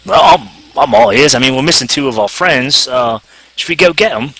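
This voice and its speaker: A man's voice: medium pitch, lively intonation, fairly quick, a bit bright, husky, no room sound. A man playing his character at a tabletop game, jovial and easygoing. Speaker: player. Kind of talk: tabletop role-play, casual.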